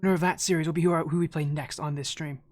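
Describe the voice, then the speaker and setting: A man's voice: a little high, fairly even intonation, very fast. Breathless, chatty male esports streamer. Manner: rambling, chatty, frequent restarts and fillers, greets viewers. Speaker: esports caster streaming a team watch stream. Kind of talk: casual live-stream chat.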